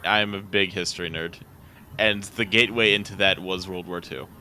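Low bright-toned man joking around. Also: steady tone, a little fast, a little hiss or hum. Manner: joking, laughs a lot. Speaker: podcast co-host. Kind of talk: casual chat.

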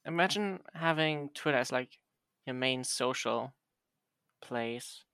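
A man's voice: mid-range voice, slow pace, pushed and bright, smooth, no echo. A young man hosting a casual podcast chat, steering it with curious, teasing questions.

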